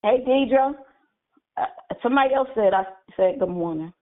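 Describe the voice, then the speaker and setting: A woman's voice: on the high side, lively intonation. A woman hosting a morning prayer call, greeting each caller and blessing them in turn. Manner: warm, quick to bless callers. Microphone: phone. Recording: phone line.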